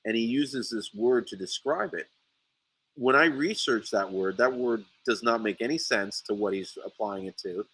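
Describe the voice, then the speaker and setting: A man in casual podcast chat, telling an animated story with frequent swearing and restarts. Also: lowish voice, moderate pace, breathy edge, low-quality recording. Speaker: sea moss seller. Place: St. Lucia.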